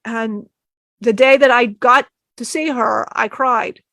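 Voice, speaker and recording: High-voiced woman telling a heartfelt story. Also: steady tone, slow pace, vocal fry, bright, forceful tone, dry recording. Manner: rambling, quotes others, laughs often. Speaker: channeler speaking as a spirit. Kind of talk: emotional personal storytelling.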